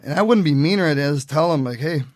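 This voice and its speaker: A man telling stories as a podcast guest in a casual, animated way, acting out what other people said. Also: on the high side, very fast, no room sound, studio quality. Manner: animated, acts out quotes in voices. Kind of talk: casual storytelling.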